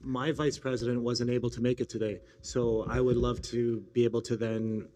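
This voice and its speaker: A man addresses an assembly from the floor, his voice mellow and flat in tone, slightly thick from a candy in his mouth. He sounds distant, with a long reverb from the hall around him. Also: mid-range voice, normal speed. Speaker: regional president at assembly. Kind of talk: speaking from the floor.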